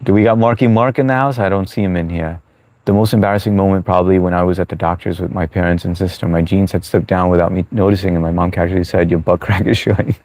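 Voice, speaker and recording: Male streamer, very low voice, dry close sound, laid-back and chatty as he reads chat. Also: little pitch movement, fast, darkish tone, no room sound. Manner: laid-back, chatty, greets viewers as bro and man. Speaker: live streamer. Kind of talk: casual live-stream chat reading viewer comments.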